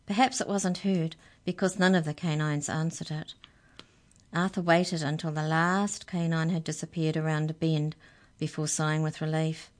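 A woman reading a children's story aloud, with gentle, chatty asides to young listeners. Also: low voice, fairly even intonation, moderate pace.

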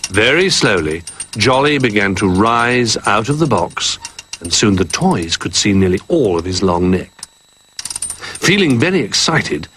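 A man reading a children's story aloud in an expressive, animated way. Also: medium pitch, slight background noise, poor audio.

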